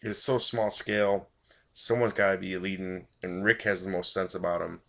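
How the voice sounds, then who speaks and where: A man's voice: low-pitched, steady tone, normal speed, gravelly, bright, forceful tone. A tired man giving a rambling, blunt and profane casual review of a TV episode.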